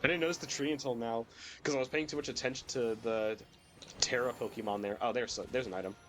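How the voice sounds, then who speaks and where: A man's voice: mid-range voice, steady tone, fast, fairly bright tone, faint music behind. A young man streaming a video game while sick, rambling casually with lots of fillers and the odd swear, his voice cracking at times. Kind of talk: casual gameplay commentary.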